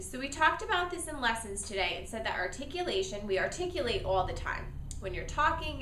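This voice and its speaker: A woman teaching a beginner saxophone class in a bright, animated voice. She talks patiently and encouragingly, modeling each step and having students echo her. The sound is roomy and a little distant from the mic, with faint background noise. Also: a little high. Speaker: music teacher.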